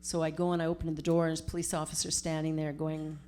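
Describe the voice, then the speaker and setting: Woman, middle-aged, storytelling sermon, chatty and animated, low pitch. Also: quick pace, a little hiss or hum. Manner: conversational, animated retelling with acted-out quotes. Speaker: minister.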